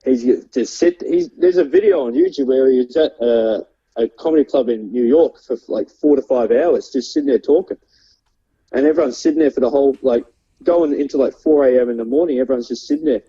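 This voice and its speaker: Young aussie comic guy rambling and laughing, dark husky voice, kinda muffled lo-fi audio. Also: mid-range voice, very animated, fairly quick. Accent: Australian. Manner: laughing often, rambling with many fillers. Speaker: stand-up comedian guest. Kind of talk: casual storytelling chat. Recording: dull lo-fi sound.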